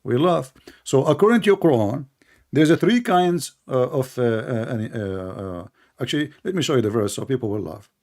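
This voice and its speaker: A man hosting a heated live debate, arguing sarcastically in non-native English and repeating his points slowly. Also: mid-range voice, animated, a little mellow. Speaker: debate show host.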